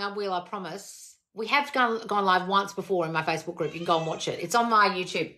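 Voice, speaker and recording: A woman's voice: medium pitch, brisk, hardly any pauses, sharp tone. Blunt, swearing woman coach. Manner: blunt, swearing, exasperated lecturing. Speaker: manifestation coach. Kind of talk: live-stream Q&A.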